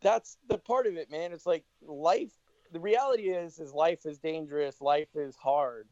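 A man chatting as a guest on a casual podcast, his voice sitting a little high. He rambles, swears, and restarts his sentences often. The sound is dry and slightly dull. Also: moderate pace, a little mellow, no room sound. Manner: loose, swearing, many restarts and voiced asides. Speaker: podcast guest, band member.

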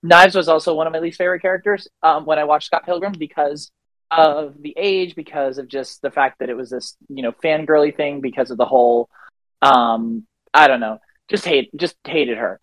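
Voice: mid-range voice, normal speed, fairly bright tone, no echo, low-quality recording. A podcast guest giving earnest opinions in casual talk, hesitating often with ums.

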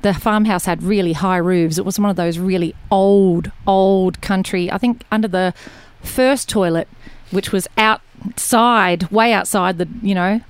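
A woman's voice: mid-range voice, measured pace, hardly any pauses, clean tone, no echo. An Australian woman guest chatting casually, telling rambling stories from her country childhood with frequent laughs. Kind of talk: casual chat.

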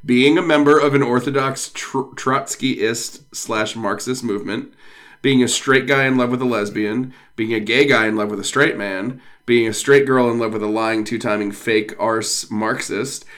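A man co-hosting a podcast chats casually, using lots of fillers and reading passages aloud. His medium-pitched voice is fairly bright, with fairly even intonation and a moderate pace.

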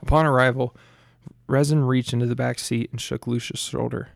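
A man reads a story aloud in a steady, plain way. His voice is heavily gravelly with lots of fry, and the recording is dry and close. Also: medium pitch, a little fast, no echo. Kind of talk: audiobook narration.

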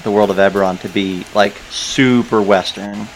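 A man's voice: lowish voice, steady tone, normal speed, noisy background. A man hosting a podcast, bantering casually and laughing easily. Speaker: podcast host. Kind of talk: casual chat.

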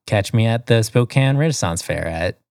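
A man co-hosting a podcast in casual chat, laid-back and deadpan. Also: fairly low pitch, moderate pace, creaky, dry recording, studio quality. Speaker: podcast co-host.

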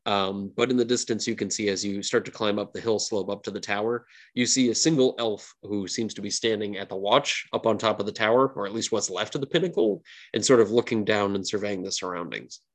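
A man's voice: fairly low pitch, brisk, few pauses. A man narrating a tabletop role-playing game as game master, in a loose way full of fillers.

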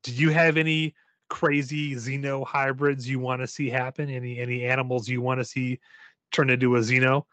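A man's voice: mid-range voice, little pitch movement, normal speed, a bit bright, dry recording. A man co-hosting a casual chat about movies, playful and joking, wrapping up the episode for listeners. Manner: playful, wraps up like a host. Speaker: podcast co-host.

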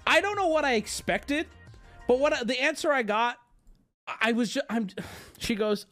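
A man's voice: very high-pitched, lively intonation, normal speed, long pauses, fairly bright tone, faint music behind. A man telling a story on his stream as a profane, self-mocking rant, getting heated as it goes.

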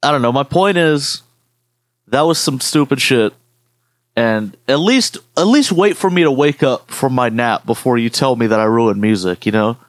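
A man's voice: mid-range voice, lively intonation, moderate pace, dry recording. A man co-hosting a podcast, telling rambling stories in casual chat with lots of swearing. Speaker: podcast co-host.

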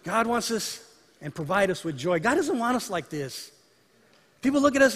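A male pastor with a notably high voice preaches a sermon as if telling stories to friends, slipping into the voices of the people he describes. His voice rings out with a long reverb, as in a large hall. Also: big pitch swings, moderate pace, fairly bright tone. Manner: conversational storytelling preaching, acting out dialogue.

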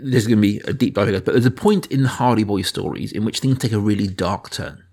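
A man's voice: on the low side, fairly quick, slightly rough. A man in his thirties chatting on a podcast, telling stories with hesitant restarts. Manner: animated storytelling with hesitant restarts. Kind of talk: casual chat.

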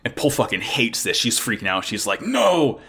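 Fairly quick and slightly breathy, this lowish male voice belongs to a podcast co-host casually going over an anime episode. He's animated, swears freely, and voices the characters' lines himself.

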